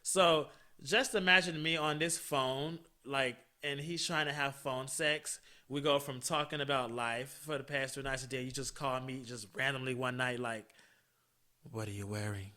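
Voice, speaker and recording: Bright-voiced chatty man telling a story. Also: medium pitch, moderate pace, few pauses. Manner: chatty, animated, swears freely, laughs often. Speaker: podcast host. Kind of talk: casual storytelling monologue.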